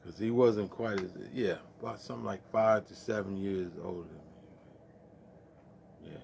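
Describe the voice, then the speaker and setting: A man's voice: on the low side, normal speed, creaky, darkish tone, a little hiss or hum. A man hosting a late-night music stream, rambling in profane, laughing, casual chat between songs.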